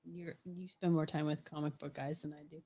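A woman's voice: deep voice, steady tone, fairly quick, dark tone. A woman co-hosting a casual livestream, reading chat comments aloud and joking around in a playful, giggly way.

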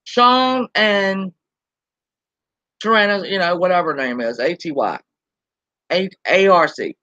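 A woman's voice: on the low side, animated, unhurried, fairly bright tone, no room sound, highs cut off. A woman, ranting bluntly and profanely on a live-stream while reading chat aloud. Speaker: YouTube commentary host.

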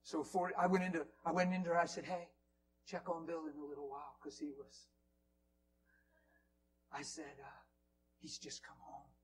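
High-voiced animated preacher. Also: male voice, moderate pace, long pauses, slight background noise, low-quality recording. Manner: animated storyteller, swings from loud to hushed whispers. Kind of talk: Q&A teaching with storytelling. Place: church.

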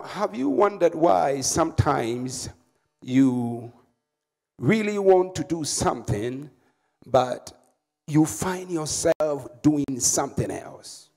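A man's voice: mid-range voice, gravelly, a little mellow. A man with a Ghanaian English accent preaching a sermon as pastor and prophet, leading the congregation in call-and-response. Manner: slow, emphatic preaching with repetitions.

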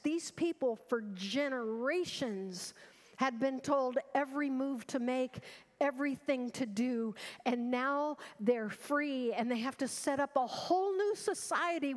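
A woman pastor preaching a sermon with earnest urgency, asking the congregation rhetorical questions. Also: fairly high pitch. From United States. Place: large church sanctuary. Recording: long reverb of a church hall.

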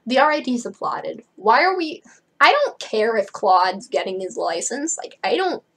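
A young woman reading a novel aloud and breaking off for wry, chatty asides, raising her pitch to voice the characters. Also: very animated, gravelly, breathy edge, poor audio. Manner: chatty, wry, quick to laugh at the book; drops to a hushed voice now and then. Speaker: book reader and commentator.

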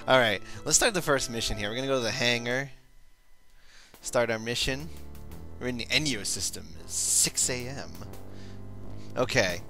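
Man, bright tone, jokey let's-play commentator, faint music behind. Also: mid-range voice, rough recording. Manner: joking, self-deprecating, rambling. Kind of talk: gameplay commentary.

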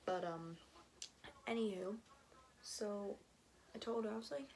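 A woman's voice: mid-range voice, measured pace, creaky, a little mellow. A young woman tells a story in a loose, rambling way, piling up fillers and restarting her sentences. Her voice sits in the middle of the range, and now and then she drops into a whisper. A faint noise hums under the recording. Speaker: vlogger. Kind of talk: casual storytime.

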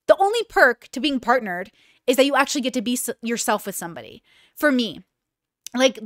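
A woman in her thirties talks through her podcast in a casual, frank, self-mocking way. Her voice sits a little high. The sound is dry and close, with no room in it. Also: fairly bright tone, no echo. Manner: candid, chatty, self-deprecating. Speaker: podcast host.

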